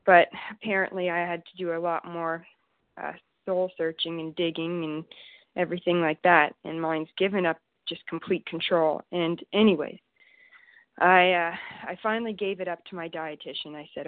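Halting woman sharing over a phone line. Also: fairly low pitch, fairly even intonation, no room sound. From Canada. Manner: halting, many fillers and restarts. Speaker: meeting member sharing. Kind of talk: recovery meeting share. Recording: tinny phone-line call audio.

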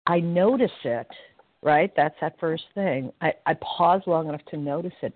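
Woman, recovery sharer, lowish voice, self-mocking, tinny phone sound. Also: no echo. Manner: reflective, self-mocking, halting. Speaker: member sharing at a phone meeting. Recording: dry tinny phone line.

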